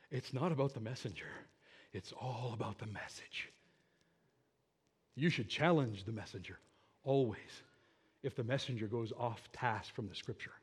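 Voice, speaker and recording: A man preaching in church, telling a personal story in an earnest way that moves between loud moments and hushed ones. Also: mid-range voice, slightly rough. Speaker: pastor. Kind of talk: sermon storytelling.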